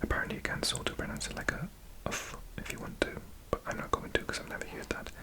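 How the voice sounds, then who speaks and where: A man hosting his channel in a whispered ASMR style, musing to himself and repeating practice words aloud. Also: fast talker. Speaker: channel host.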